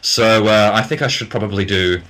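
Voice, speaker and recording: A young Australian man with a very low voice that still has a bright, tense edge. He hesitates and restarts a lot, filling gaps with ums, then gives blunt answers. He reads out questions in a casual live Q&A and sounds worn out. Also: normal speed. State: getting tired. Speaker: music producer. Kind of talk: casual livestream Q&A, reading out viewer questions.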